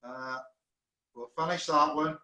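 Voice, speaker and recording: A man with a Northern Irish accent hosting a casual interview over a video call, chatty and quick to laugh. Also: a little high, steady tone, bright, forceful tone. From Northern Ireland. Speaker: interviewer host. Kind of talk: casual online interview chat. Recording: echoey room.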